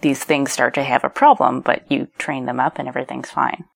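A woman guest on a casual podcast, talking about speech technology in a halting, self-correcting way. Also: very deep voice, fairly even intonation, creaky, husky.

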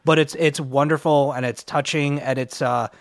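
A man's voice: a little high, steady tone, moderate pace, no echo, studio quality. A man co-hosting a comic book podcast, rambling through a review in casual chat and laughing at himself. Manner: rambling, self-deprecating, laughs a lot. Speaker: podcast co-host.

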